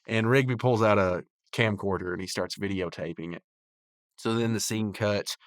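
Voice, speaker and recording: A man with a low voice hosts a podcast, loosely recapping a cartoon episode. He rambles and piles up fillers as he goes. The sound is dry and close, with no room around it. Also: fairly even intonation, moderate pace, a bit bright, dry recording. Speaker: podcast host reviewing a cartoon. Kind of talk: casual recap and review.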